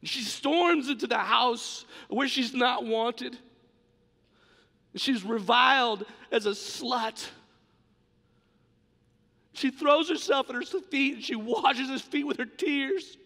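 A man's voice: very high voice, slow pace, vocal fry, long pauses, pushed and bright. A man preaching a sermon as pastor in a church sanctuary, in an impassioned, emphatic way. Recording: long church reverb.

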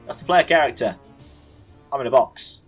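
A man's voice: medium pitch, animated, moderate pace, husky, soft background music. Rambling man narrating gameplay. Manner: rambling, self-deprecating, reads game text aloud. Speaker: gaming channel host. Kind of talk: casual let's play commentary.

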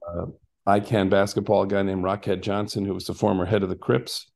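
An older man with a fairly low voice talks through his memories in a loose, rambling way. He restarts sentences often and drifts into asides as he gives his views as an interview guest. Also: level tone, a little fast, vocal fry, darkish tone. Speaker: guest, former actor and basketball coach. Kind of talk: casual interview storytelling.

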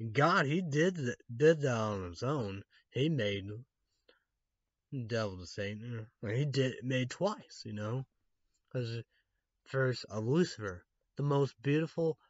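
A man's voice: mid-range voice, no echo. A man vlogging in a rambling casual monologue, repeating filler phrases and swearing in disbelief. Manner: rambling, repeats "you know", swears when outraged. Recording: dull lo-fi dry sound.

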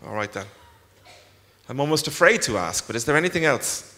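Man voicing stern elderly priest, indignant; lively intonation, long reverb. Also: medium pitch, fairly quick. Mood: scolding. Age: older than 60. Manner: scolding, exasperated, indignant. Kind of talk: live reading aloud. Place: large concert hall. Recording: long concert hall reverb.

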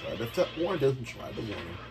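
A man's voice: mid-range voice, very animated, fairly quick, over music. A middle-aged man, a father, trading boastful, teasing banter while hosting a family video game tournament. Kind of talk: casual trash-talk over gameplay.

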